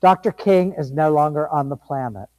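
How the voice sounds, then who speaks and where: A man's voice: a little high, normal speed, a little mellow, long reverb tail, rough recording. A man giving a sermon as a guest reverend, emphatic and conversational in a church sanctuary.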